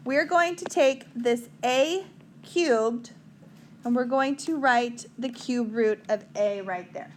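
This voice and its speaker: A woman's voice: on the high side, takes it slowly, slight background noise. A woman teaching a math lesson at a whiteboard in a chatty, joking way, talking to her students.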